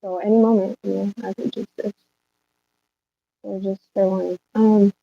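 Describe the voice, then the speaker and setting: A woman's voice: mid-range voice, level tone, unhurried, vocal fry, no room sound. A woman livestreaming an emotional rant, upset and rambling, swearing often. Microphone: phone livestream. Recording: slightly dull lo-fi stream audio.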